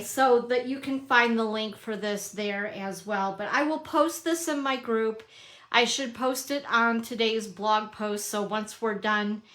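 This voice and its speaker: A woman's voice: on the high side, bright, forceful tone. A middle-aged woman hosting a casual live crafting stream, chatty and upbeat, greeting viewers by name. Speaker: papercrafting demonstrator and live stream host. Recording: echoey room.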